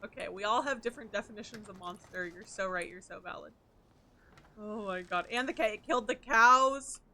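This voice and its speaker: A female streamer plays a game while chatting playfully with her viewers and responding to their messages. Her mid-range voice is fairly quick with a sharp tone.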